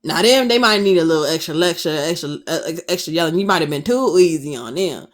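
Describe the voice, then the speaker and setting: A woman's voice: sits low, expressive, fast. A woman in her twenties ranting passionately to camera in her vlog, firing off emphatic rhetorical questions. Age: 20s. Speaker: vlogger.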